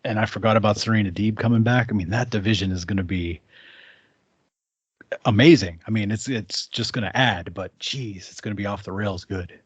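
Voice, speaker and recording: A man's voice: on the low side, a little fast, breathy edge, no echo, highs cut off. A man co-hosting a casual wrestling talk show, enthusiastic and rambling, full of fillers. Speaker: podcast co-host.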